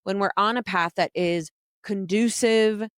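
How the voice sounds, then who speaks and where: A woman's voice: medium pitch, a little slow, no echo, studio quality. A woman telling her own story frankly, laughing often and poking fun at herself. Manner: frank, self-mocking, laughs often, casual swearing. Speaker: vlogger telling a personal story. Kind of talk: candid personal storytelling.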